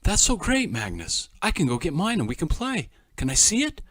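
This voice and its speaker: A hurt but forgiving young boy, put on by a man reading aloud, in a raised, loud boyish voice. The lines swing up and down with lots of life, recorded close and dry. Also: medium pitch, big pitch swings, a little fast, dry recording. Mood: excited. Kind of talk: children's storybook reading.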